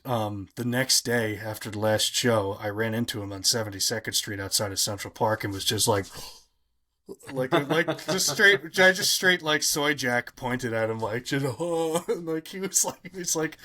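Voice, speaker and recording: A man with a mid-range voice, neither high nor low, tells a long anecdote as a podcast guest. He rambles through it with plenty of fillers and restarts. His delivery lifts and gets animated whenever he acts out what someone else said. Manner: rambling, many fillers, animated when quoting others. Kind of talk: casual storytelling chat.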